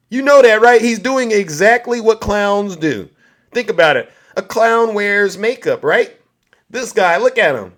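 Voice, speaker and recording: A man's voice: high-pitched, fairly bright tone. A male livestream talk show host giving a combative political monologue in a preachy tone, repeatedly asking "all right?".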